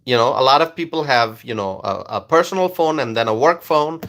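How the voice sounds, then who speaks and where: A man talks straight into his phone on a live stream, his pitch sitting mid-range but swinging widely as he presses a point. He repeats himself for emphasis and fires off rhetorical questions. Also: lively intonation, brisk, fairly bright tone.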